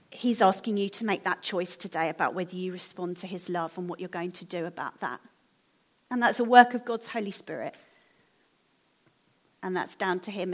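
A preacher delivers a sermon to her church congregation, her voice at an ordinary middle pitch for a woman. Earnest and encouraging, she speaks gently and appeals warmly to those listening.

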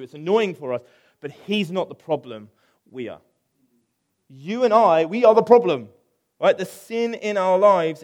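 A middle-aged man preaching a conversational sermon, animated, with asides. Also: sits high. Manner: animated, acts out quoted voices, conversational with asides.

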